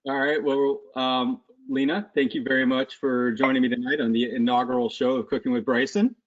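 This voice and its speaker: A man's voice: mid-range voice, flat delivery, a little fast, lo-fi sound. Rambling male cooking-stream host. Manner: loose and rambling, many fillers. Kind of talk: casual chat.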